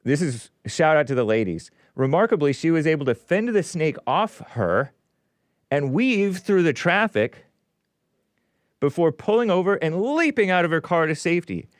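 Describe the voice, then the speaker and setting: A man's voice: fairly high pitch, normal speed, dry recording, studio quality. A man hosting his own show, reading a news story aloud and breaking in with sarcastic asides. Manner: sarcastic asides, animated ups and downs. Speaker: host.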